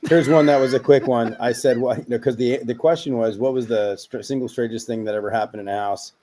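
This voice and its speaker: A man's voice: mid-range voice, steady tone, fast, mellow. A man co-hosting a podcast in casual chat, reading listener stories aloud. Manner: storytelling, reading posts aloud. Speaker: podcast co-host.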